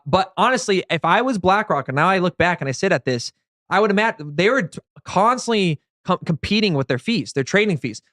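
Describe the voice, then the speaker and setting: A man co-hosting a crypto show, giving his views in a casual, animated way. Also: high voice, dry recording, clean studio sound. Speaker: co-host.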